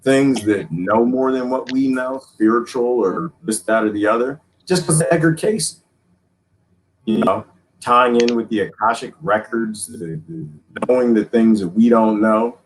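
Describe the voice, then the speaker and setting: A man hosting a casual chat, rambling and animated, laughing often. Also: mid-range voice, unhurried, slight background noise, low-quality recording. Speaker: host.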